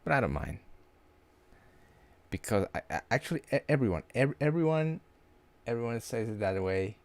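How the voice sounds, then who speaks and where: A man chatting casually on a livestream, halting and restarting his words often. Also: medium pitch, lively intonation. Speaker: livestream host.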